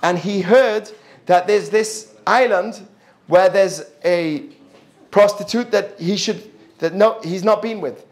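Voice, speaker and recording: A man with a notably high voice gives a Torah lesson, telling a Talmud story in a lively way. He keeps asking his listeners questions and stops to explain Hebrew words. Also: slow. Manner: drops into Hebrew terms and explains them. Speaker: religious teacher.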